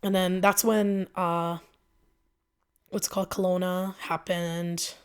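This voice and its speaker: A woman's voice: on the low side, little pitch movement, slow, clean tone. A woman guest on a podcast telling a personal story in a casual, filler-heavy way, acting out the back-and-forth of arguments. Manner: emotional retelling that acts out both sides of arguments.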